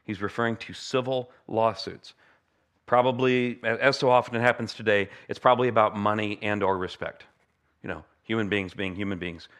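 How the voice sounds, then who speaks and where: A man's voice: fairly low pitch, steady tone, normal speed, fairly bright tone. An American man, a pastor, praying earnestly and then preaching a sermon in a conversational way with humorous asides. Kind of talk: sermon with opening prayer.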